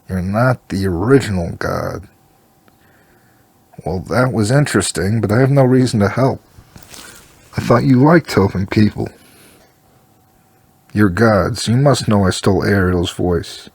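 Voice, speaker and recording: A man reads a story aloud in a low voice with a rough, gravelly texture and a husky edge. He voices every part in the same plain tone. The sound is close and dry, with no room behind it. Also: a little mellow, no room sound. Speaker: story reader.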